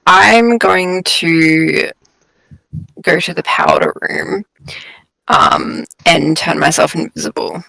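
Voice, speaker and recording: A man playing a tabletop game, speaking in a slow drawl. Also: on the high side, huge pitch swings, gravelly, bright, forceful tone, poor audio. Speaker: player. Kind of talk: casual tabletop game play.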